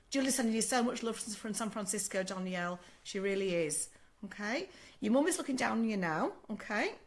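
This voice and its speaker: An older Australian woman talks through a casual live-stream Q&A in a warm, motherly, chatty way. She keeps checking in with "okay?" and calls people "love". Her voice still sounds a little rough as it recovers from a sore throat. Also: mid-range voice. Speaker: sleep consultant answering live questions.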